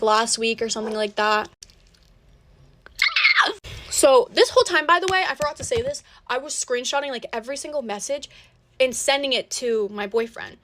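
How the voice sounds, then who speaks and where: A woman's voice: on the high side, moderate pace, fairly bright tone. Chatty young woman telling a story. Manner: dramatic, swears, heavy use of "like". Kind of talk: casual storytime.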